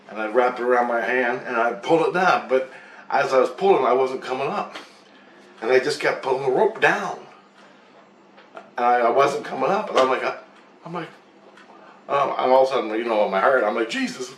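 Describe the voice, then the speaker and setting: A man telling a long, rambling dream story in a casual, profane way, often circling back and repeating himself. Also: medium pitch. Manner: profane, repetitive, re-enacts others' words in raised voices. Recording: roomy echo, distant mic, faint hiss.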